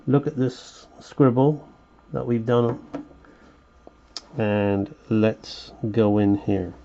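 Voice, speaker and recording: A man with a gravelly, mellow voice teaches a drawing lesson at an unhurried pace. He rambles in a chatty way, talking himself through each sketch. The sound is dull and lo-fi, picked up by a webcam. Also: lowish voice. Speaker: animation teacher. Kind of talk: live drawing lesson, thinking aloud.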